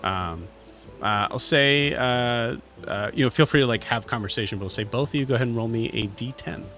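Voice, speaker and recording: A man running a tabletop game as game master, describing items in halting, filler-heavy casual speech. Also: mid-range voice, sharp tone, soft background music.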